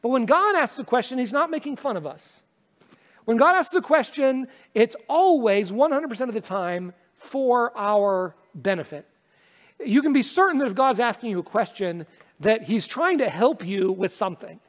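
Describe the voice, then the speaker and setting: In a church sanctuary with the long reverb of the hall, a male pastor prays and then preaches a sermon. His voice is very high and expressive at a moderate pace, and his manner is earnest and conversational, with self-deprecating humor.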